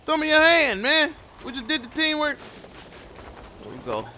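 A man doing let's play commentary, talking back at the game in a loud, brash, profane way. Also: extremely high pitch, wildly swooping pitch, normal speed. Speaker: gamer. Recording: game audio and noise behind.

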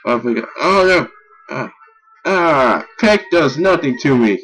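Excitable young man yelling at a game. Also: mid-range voice, a little slow, poor audio. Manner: excitable, frustrated, swears and yells at the game. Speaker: let's play gamer. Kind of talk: casual gameplay commentary.

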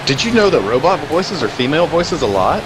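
A young man streaming a car soccer game, chatting casually with crude jokes and shouting at plays. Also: a little high, very animated, fairly quick, music in the background, poor audio.

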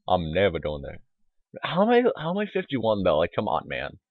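A man's voice: sits low, very animated, brisk, no echo. A man giving casual, rambling let's-play commentary, mumbling asides with lots of fillers, on a tinny, lo-fi mic. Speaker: gaming YouTuber. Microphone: desktop microphone.

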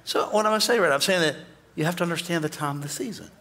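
A man preaching a sermon as pastor, joking with the congregation and bursting into shouts and mock voices. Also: on the high side, rapid-fire. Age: older.

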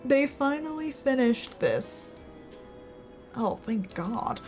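A high-voiced young woman chats her way through a video game on a live stream, laughing easily and talking to her viewers. Her pitch swings widely, her pace stays relaxed, and game music plays faintly behind her. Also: slow pace. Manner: chatty, giggly, talks to chat while playing. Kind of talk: casual live-stream gameplay chat.

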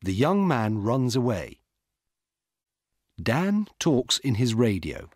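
A man narrating a simple graded reader story slowly and carefully. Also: medium pitch, very animated, a little mellow, dry recording, studio quality. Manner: slow, careful, clearly paced.

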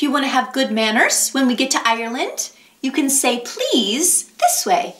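A woman's voice: sits high, very animated, unhurried, a bit bright, echoey room. A woman teaching a children's music lesson, cheerful and coaxing, talking straight to young kids. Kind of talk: kids' sing-along lesson.

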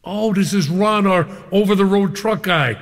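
An older man in a DJ's chair, talking with bubbly, gushing excitement in a fairly high voice. He reads listener mail and chats with callers. There is a long reverb tail on his voice. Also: normal speed. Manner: exuberant, effusive, reads listener emails aloud. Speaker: radio DJ host. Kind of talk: live radio show.

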